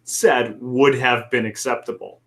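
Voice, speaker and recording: A man from Canada argues on a voice-chat call, pointed and insistent and swearing freely. His mid-pitched voice has a bright, sharp edge. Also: steady tone, unhurried. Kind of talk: heated argument.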